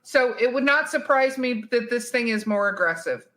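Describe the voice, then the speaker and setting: A woman's voice: on the high side, lively intonation, sharp tone. A woman co-hosting a podcast, chatting casually and emphatically while answering listener questions. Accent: Southern US. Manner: chatty, emphatic, quick asides. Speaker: podcast co-host.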